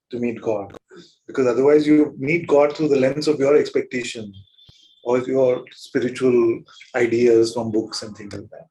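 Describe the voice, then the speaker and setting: A man giving a spiritual talk to a gathering as its teacher, gently playful, chuckling often and prodding listeners with rhetorical questions. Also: mid-range voice, slight background noise, rough recording.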